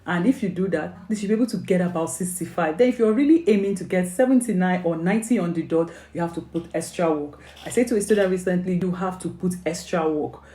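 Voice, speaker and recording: A woman's voice: lowish voice, fast talker, few pauses, mellow, reverberant. A woman with a Nigerian accent giving earnest, coaxing exam advice as an English tutor, with many questions and "okay?" checks. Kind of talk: motivational exam advice video.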